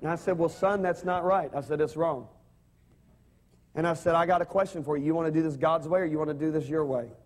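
A man's voice: on the high side, fast. A man preaching a sermon, telling stories animatedly and having the congregation repeat his words. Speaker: pastor.

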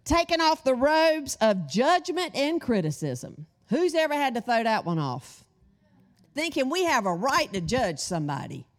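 Animated woman preaching, lively pitch. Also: a little slow. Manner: animated, addresses the congregation with questions and call-and-response. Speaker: women's Bible study teacher. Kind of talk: sermon.

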